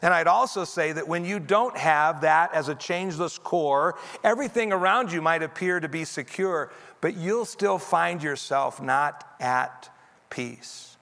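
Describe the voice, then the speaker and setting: A man's voice: on the high side, measured pace, vocal fry, a bit bright. Man preaching in a reverberant hall. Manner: earnest, leads congregation in repeated reading. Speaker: pastor. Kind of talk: sermon. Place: church sanctuary. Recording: long reverb of a large hall.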